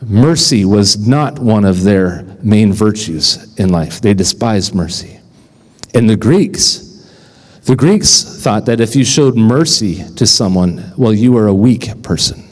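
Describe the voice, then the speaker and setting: A man's voice: lowish voice, lively intonation, slow. A male pastor in his thirties preaching a sermon. He tells stories conversationally and keeps checking in with the congregation with "right?" and "okay?". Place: church sanctuary. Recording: long reverb of a church hall.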